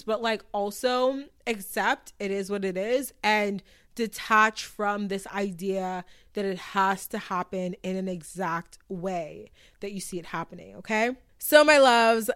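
Chatty upbeat woman podcast host. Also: mid-range voice. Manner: chatty, upbeat, many "like"s and "okay"s. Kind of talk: casual solo podcast talk.

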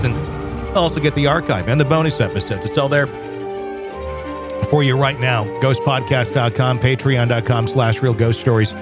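A man hosting a podcast, reading the show's contact details and promos in an easygoing way. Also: medium pitch. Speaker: podcast host. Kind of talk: show intro and promo read. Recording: music bed underneath. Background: music.

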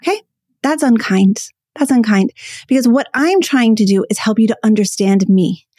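A woman's voice: a little high, moderate pace, dark tone, no echo, clean studio sound. A woman hosting a solo podcast as a coach, talking to listeners in an earnest, emphatic way and repeating her key phrases. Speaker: podcast host and ADHD coach.

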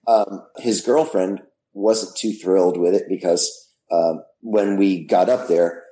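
Low, mellow-voiced man telling stories. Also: steady tone, takes it slowly, poor audio. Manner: rambling, lots of "you know" fillers. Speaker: guest, former TV host. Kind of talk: casual anecdote telling.

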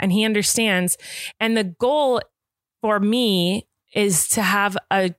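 A young adult woman co-hosting a podcast, talking at length in a chatty, animated way about parenting. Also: mid-range voice, no echo, clean studio sound. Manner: talkative, animated, quick asides. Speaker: podcast co-host. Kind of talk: casual chat.

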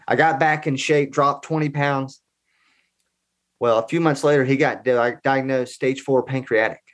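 A man's voice: mid-range voice, fairly even intonation, moderate pace. A man in his forties telling personal stories as a guest in a casual interview, in an earnest, conversational way. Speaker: podcast guest.

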